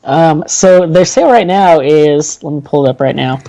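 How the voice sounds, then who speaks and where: Mellow, easygoing podcast guy. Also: on the high side, normal speed, gravelly, low-quality recording. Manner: easygoing, laughs often. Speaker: podcast co-host. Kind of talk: casual chat.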